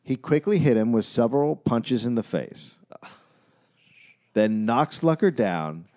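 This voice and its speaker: A man co-hosting a comedy history podcast, narrating a story in a deadpan way with jokey asides. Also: medium pitch, unhurried.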